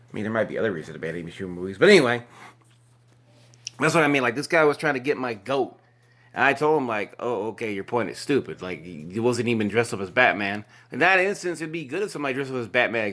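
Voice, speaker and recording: A man's voice: fairly high pitch, fairly bright tone. A man, hosting his own show and ranting angrily, swearing heavily as he talks. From Texas. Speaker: podcast host. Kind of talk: angry ranting monologue.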